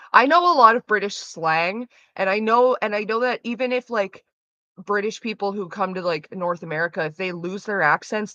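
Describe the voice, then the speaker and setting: A woman's voice: mid-range voice, sharp tone, no echo, lo-fi sound. A woman streamer chatting casually with her viewers, rambling with lots of "like" fillers. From Canada.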